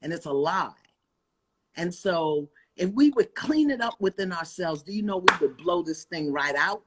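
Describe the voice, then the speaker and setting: An older woman preaches with fiery emphasis over a phone video call. Her husky voice leaps up and down in pitch, punchy outbursts alternating with low, gritty asides. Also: lively intonation, normal speed, a bit bright. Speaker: guest author and life coach. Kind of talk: impassioned preaching-style talk on a live video call. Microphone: phone on a live video call.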